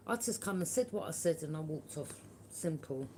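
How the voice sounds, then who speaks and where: A woman's voice: deep voice, lively intonation, moderate pace, mellow, a little hiss or hum. A woman giving a collective tarot reading, talking bluntly and forthrightly, swearing freely and often checking with "yeah?". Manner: frequent tag question "yeah?". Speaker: tarot reader.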